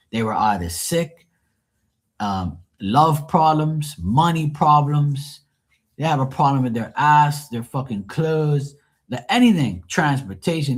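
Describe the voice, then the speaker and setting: A man hosting a live tarot stream, chatting casually with viewers in a blunt, profane, rambling way. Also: mid-range voice. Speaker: tarot reader and livestream host. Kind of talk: casual livestream chat with viewers.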